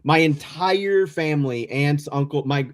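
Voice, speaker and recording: A man from the Chicago area chats as a guest over a remote call. His voice sits a little high, and his talk wanders from one side story to the next, with a quick sorry each time before he carries on. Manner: rambling storyteller, wanders off on tangents and apologizes. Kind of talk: casual chat. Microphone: remote call mic.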